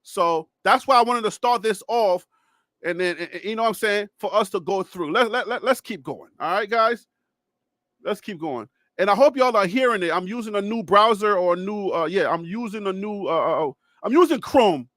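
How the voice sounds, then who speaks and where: High-voiced excitable man, dry sound. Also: normal speed, no echo. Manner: animated, excitable, laughs often. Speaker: host. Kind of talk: casual sports reaction talk.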